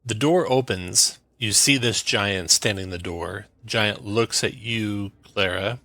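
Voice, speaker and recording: A man's voice: lowish voice, takes it slowly, bright, forceful tone, no echo. A man running a tabletop game as game master, calling turns with easygoing fillers over a voice call.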